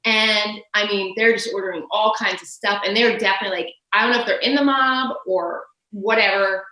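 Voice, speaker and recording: A woman's voice: medium pitch, steady tone, fairly quick, bright, forceful tone. A woman guest telling rambling anecdotes in casual chat, with lots of fillers. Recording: echoey room.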